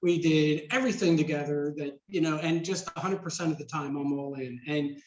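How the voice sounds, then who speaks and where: Man guest, earnest and choked up, halting restarts, high-ish voice, roomy dull sound. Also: a little mellow. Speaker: podcast guest. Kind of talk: emotional personal story.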